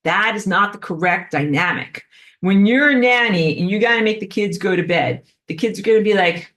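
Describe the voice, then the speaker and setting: A woman giving a spiritual class lecture in an animated way, filled with frequent "like". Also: mid-range voice, moderate pace. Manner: animated, acts out quoted voices, frequent "like". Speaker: spiritual teacher.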